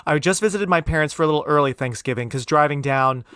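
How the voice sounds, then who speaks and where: A man's voice: fairly high pitch, fast talker, smooth, no room sound, clean studio sound. A man hosting a podcast, chatting casually and with enthusiasm about movies, often drifting into tangents. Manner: animated, enthusiastic, goes off on tangents. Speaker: podcast host. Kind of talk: casual chat.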